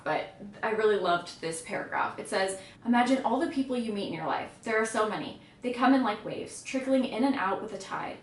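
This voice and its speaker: A woman's voice: mid-range voice, echoey room, distant mic, a little hiss or hum. A woman giving an emotional, chatty book review in a casual vlog.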